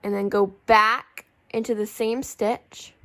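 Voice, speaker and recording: A woman's voice: medium pitch, flat delivery, slow pace, a bit bright. Chatty young woman teaching a craft. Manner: chatty and apologetic, talks through each step while working. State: slightly rough-voiced. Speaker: craft tutorial host. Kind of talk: casual step-by-step crafting tutorial. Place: indoors at home, warm room.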